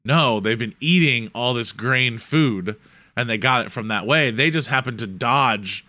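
A man's voice: mid-range voice, a little slow, bright, forceful tone, no room sound. A man co-hosting a casual podcast, laying out a fan theory in a rambling way. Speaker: podcast co-host. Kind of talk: casual recap chat.

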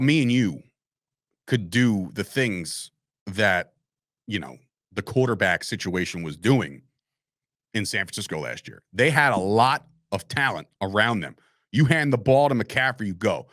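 An opinionated man hosts a live sports talk show, riffing and swearing as he goes. His pitch swings widely from line to line. The sound is close and dry, with no room echo. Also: sing-song, normal speed, a bit bright. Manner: opinionated, rambling, swears, reacts to live chat. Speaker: podcast host.

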